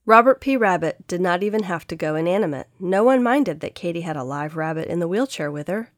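A woman reading a children's audiobook aloud in a gentle, steady storytelling manner. Her voice sits on the low side and is recorded close and dry. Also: fairly quick, no echo. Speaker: audiobook narrator. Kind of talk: scripted storybook narration.

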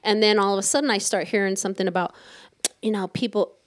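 A woman's voice: medium pitch, steady tone, fast talker. Woman telling a story on a podcast. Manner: acts out dialogue in voices, lots of quoting. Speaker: podcast host.

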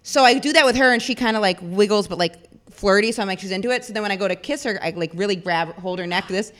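A woman's voice: medium pitch, fast talker, a bit bright. A woman comedian telling a funny personal story on a live podcast. She laughs through her punchlines and swears freely. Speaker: guest comedian.

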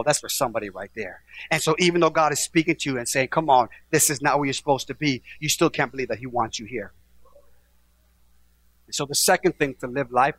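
A middle-aged male pastor preaching a sermon, urging the crowd with call-and-response lines and swinging from hushed tones to shouts. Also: medium pitch, dry recording.

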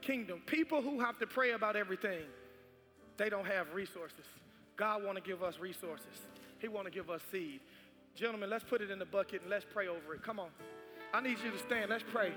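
A man's voice: high-pitched, sharp tone. A man pastor preaching fervently during an offering and prayer, repeating his calls to the congregation. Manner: fervent, repetitive exhortation. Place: large church sanctuary. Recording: reverberant church hall with music.

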